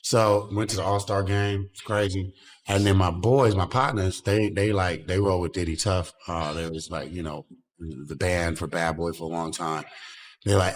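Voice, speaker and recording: A man with a fairly low voice tells a story in a loose, casual way. He gets animated and jumps into a higher voice whenever he quotes someone. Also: normal speed. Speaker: podcast guest telling a story.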